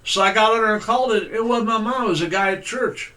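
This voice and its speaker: A middle-aged man with a notably high voice delivers a sermon as an unhurried personal story. He talks in a folksy, conversational way, stopping on fillers before driving home his point. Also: bright, forceful tone. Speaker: preacher.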